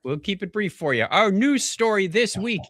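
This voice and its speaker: A man's voice: high voice, big pitch swings, normal speed, fairly bright tone, dry recording, clean studio sound. An older man co-hosting a tech podcast in a casual, jokey way, reading out listener birthdays and news stories. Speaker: podcast co-host.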